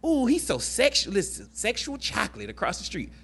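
A man putting on the voice of a sassy, flirtatious woman best friend in a high, teasing falsetto while retelling a movie. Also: big pitch swings, a little fast, vocal fry, fairly bright tone, husky, full character voice.

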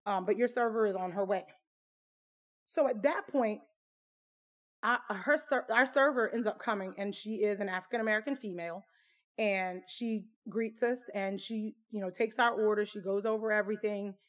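A woman's voice: medium pitch, fairly even intonation, moderate pace, fairly bright tone. A woman casually telling a personal story to camera, candid and conversational. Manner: candid, conversational, full of fillers.

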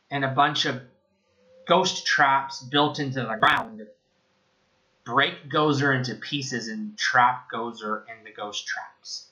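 Sarcastic, bright-voiced man ranting casually. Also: medium pitch, poor audio. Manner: sarcastic, profane, rambling. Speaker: film reviewer podcaster. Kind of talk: casual spoken review.

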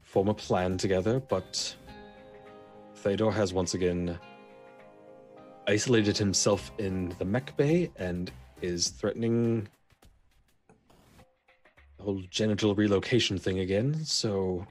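A man's voice: on the low side, measured pace, long pauses, a little mellow, soft background music. A man narrating as game master of a tabletop game, loose and full of fillers.

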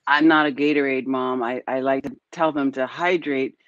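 A woman hosting an interview over a video call, telling stories in a lively way and laughing often. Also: a bass voice, normal speed, highs cut off. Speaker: host.

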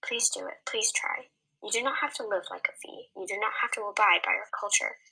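A woman voicing a stern, protective tribal elder who speaks in a hushed, urging way in a storybook reading. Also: mid-range voice, brisk, creaky, breathy edge, full character voice, rough recording.

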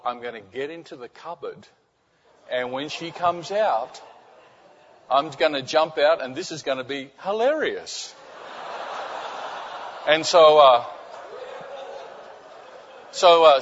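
A man preaching a sermon, telling a personal story with lively, halting storytelling and softening to quiet, intimate tones. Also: a little high, long reverb tail, highs cut off, slight background noise. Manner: animated storytelling, many restarts, drops to soft intimate tones. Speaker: pastor.

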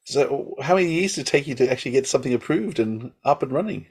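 A man hosting an interview podcast, asking quick questions that stumble at the start. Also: mid-range voice, expressive, darkish tone, slightly rough. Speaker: podcast host.

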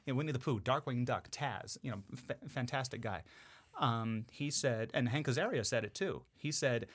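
A man, a voice actor guest on a podcast, talking in a casual, animated way with lots of fillers. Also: mid-range voice, normal speed, breathy edge. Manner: animated, chatty, full of fillers.

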